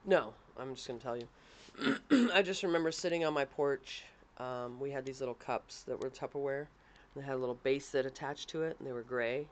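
A woman's voice: extremely low pitch, normal speed. A woman co-hosting a casual chat, telling family stories bluntly and swearing freely. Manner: blunt, swears freely, laughs mid-story. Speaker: podcast co-host and parent.

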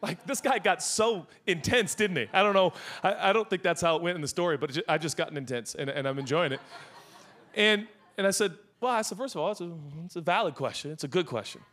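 A young man preaching a sermon as pastor, animated and joking, shouting for emphasis at times. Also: sits high, fast.

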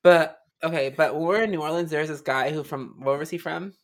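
A young man in casual chat with friends, telling blunt, profane stories. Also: on the high side. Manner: rapid, profane, blunt storytelling.

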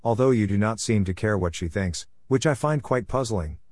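A man's voice: lowish voice, moderate pace, darkish tone, close to an everyday voice. A man voicing a pompous, formal male angel of death who talks in a stiff, correct, lecturing way. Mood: stern.

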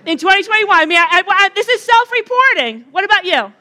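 A woman's voice: extremely high pitch, sing-song, fast talker, pushed and bright. A middle-aged woman giving a chatty opening talk at a retreat, joking and bantering with the audience. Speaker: retreat speaker.

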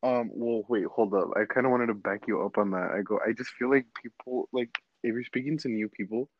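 A man's voice: medium pitch, a little fast, dry recording. A young man who is a guest on a podcast, rambling casually with many restarts and "like"s. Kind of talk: casual chat. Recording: dry, dull lo-fi sound.

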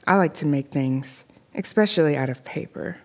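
A woman's voice: sits low, moderate pace. A woman voicing a small, frightened girl in a horror story, speaking timidly with a trembling voice.

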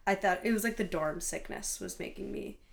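A young college woman co-hosting a casual podcast from her bedroom. She rambles through a long story and acts out the people she quotes, and her voice sits at an ordinary middle pitch. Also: brisk, vocal fry. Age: young adult. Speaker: podcast co-host. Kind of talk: casual chat. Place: bedroom in a student house.

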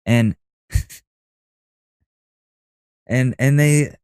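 A man's voice: mid-range voice, drawn-out words, darkish tone, smooth, no room sound, studio quality. A young man hosting a podcast, reacting to a video with mocking, profane, rambling commentary. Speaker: podcast host.

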